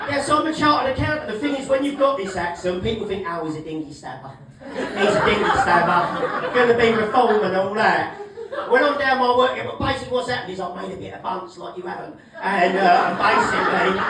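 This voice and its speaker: Brash sweary comedian, echoey club. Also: male voice, high voice, far from the mic. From England. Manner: brash, sweary, shouting punchlines. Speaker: stand-up comedian. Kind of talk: stand-up set.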